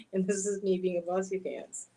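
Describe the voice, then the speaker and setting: A woman's voice: medium pitch, mellow, slight background noise, pitched above the performer's own voice, close to an everyday voice, low-quality recording. A woman putting words in the mouth of her spoiled, bossy old female Yorkie, in a bratty, self-important tone during a live-stream chat.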